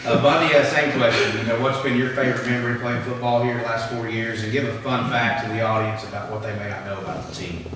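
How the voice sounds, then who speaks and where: A man hosting a sports interview show, asking questions in a halting way with many fillers. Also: medium pitch, fairly even intonation. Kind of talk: casual interview. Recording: echoey hall, distant mic, noisy.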